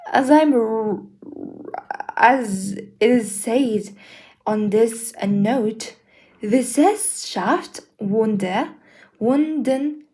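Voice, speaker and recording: A young woman whose first language is Mongolian, giving a casual beginner lesson in a hesitant, apologetic way with many pauses and fillers. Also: medium pitch, a little mellow. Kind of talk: casual self-made lesson.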